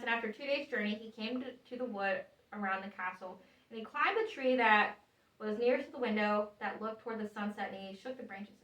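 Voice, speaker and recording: A woman storyteller reading a fairy tale aloud in an expressive, measured way. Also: on the high side, dull audio. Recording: echoey room, voice from far off.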